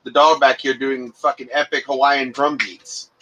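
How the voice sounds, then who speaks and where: A man's voice: medium pitch, flat delivery, normal speed, pushed and bright. A man from the American South co-hosting a live podcast, cracking dry, teasing jokes. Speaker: podcast co-host. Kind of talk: casual chat.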